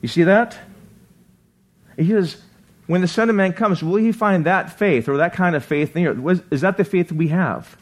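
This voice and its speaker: A man preaching a sermon in a conversational way, reading scripture aloud and often checking in with listeners with a quick "right?". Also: high-pitched. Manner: reads scripture aloud, acts out quotes. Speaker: pastor.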